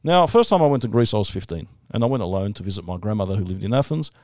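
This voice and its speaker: A middle-aged man from Melbourne, co-hosting a casual podcast chat and telling stories with lively quoted voices. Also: on the low side, very fast, no room sound, clean studio sound. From Melbourne, Australia. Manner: animated storyteller, lively put-on voices for quotes. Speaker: podcast co-host.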